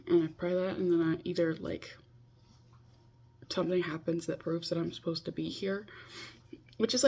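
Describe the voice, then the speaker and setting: A woman's voice: lowish voice, a little mellow, slightly rough. A woman in her twenties talking casually in a confessional vlog, chatty and self-mocking, scolding herself as she goes. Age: 20s. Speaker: vlogger. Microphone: video call.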